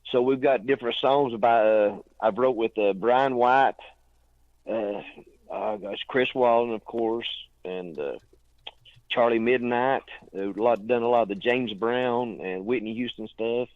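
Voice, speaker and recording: A man's voice: medium pitch, unhurried, dry recording. A man with an East Tennessee accent, a songwriter calling in, chatting in a folksy, drawling way. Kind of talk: casual phone chat. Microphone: phone. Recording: tinny phone line.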